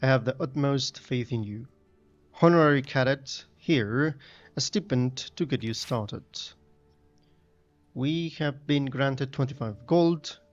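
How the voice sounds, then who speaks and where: A man's voice: mid-range voice, slow pace, soft background music, natural voice. Pompous retired captain from a fantasy game, lofty and formal, dull lo-fi sound, read out by a man.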